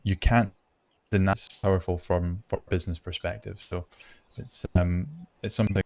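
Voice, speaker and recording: A Scottish man answers interview questions, steady and earnest as he explains. His voice runs lowish, recorded close and dry with almost no room sound. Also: normal speed, no echo. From Scotland. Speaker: guest, ad agency director.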